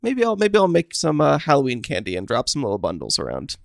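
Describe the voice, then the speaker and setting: Gravelly, lively man chatting. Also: mid-range voice, quick pace, no room sound, clean studio sound. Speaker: podcast co-host. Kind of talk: casual chat.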